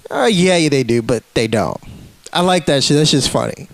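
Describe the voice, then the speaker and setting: A man with a high-pitched voice rants, cursing freely and calling people out. His sound is dry and close, with no room behind it. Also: animated, normal speed, gravelly, dry recording, low-quality recording. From United States. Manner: ranting, profane, confrontational. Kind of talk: profane rant to camera.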